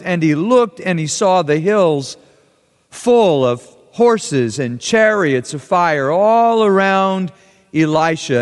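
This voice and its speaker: A male pastor reading scripture and preaching a sermon, with dramatic rises and drops in his delivery. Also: fairly high pitch. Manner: dramatic reading, voice rising and dropping with the text. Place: church sanctuary. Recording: church hall with long reverb.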